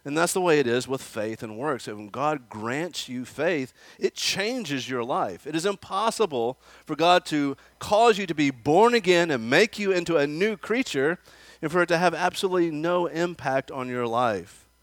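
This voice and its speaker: A man's voice: a little high, animated, moderate pace, dry recording. A man preaching an expository sermon in a church, asking the congregation questions and raising his emphasis when he acts out quoted voices. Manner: conversational, asks the congregation questions.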